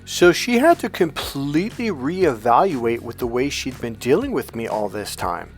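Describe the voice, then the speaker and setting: Animated, profane man with lively pitch. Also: normal speed, soft background music. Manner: animated, profane, acts out dialogue. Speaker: relationship coach. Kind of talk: casual monologue to camera.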